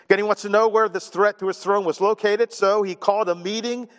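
A pastor with a high, steady voice preaches a sermon briskly in a large hall. Between points he jokes around and makes fun of himself.

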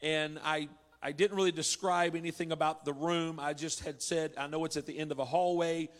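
A man's voice: on the high side, steady tone, fairly quick. Storytelling male preacher in a reverberant hall. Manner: storytelling, conversational with southern "y'all". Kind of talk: sermon.

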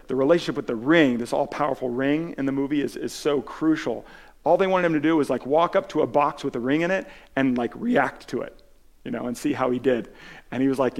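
A man's voice: medium pitch, gravelly. A man pastor giving a conversational sermon, telling stories with many restarts and filler words.

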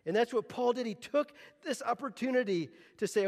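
A male pastor preaching a sermon, earnest and animated, often restarting his phrases. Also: very high-pitched, a little fast, hardly any pauses, long reverb tail.

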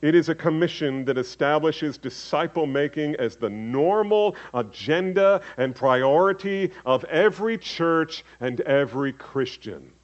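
A man preaching a sermon as pastor, swinging from loud emphatic calls to hushed low asides. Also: lively intonation, measured pace, few pauses. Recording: dull lo-fi sermon recording.

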